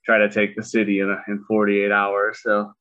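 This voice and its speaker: A middle-aged man with a fairly low but bright, forceful voice chats on a podcast. He makes dry jokes and halts often with fillers. His audio sounds dull and lo-fi. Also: monotone, normal speed. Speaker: podcast co-host. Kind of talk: casual chat.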